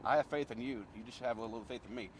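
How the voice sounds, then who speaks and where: A man's voice: medium pitch, racing, recorded from a distance, slight background noise, close to an everyday voice. A man playing a bumbling wildlife expert in a comedy sketch, rambling and stammering in a folksy way, recorded outdoors. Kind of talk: improvised comedy sketch acting.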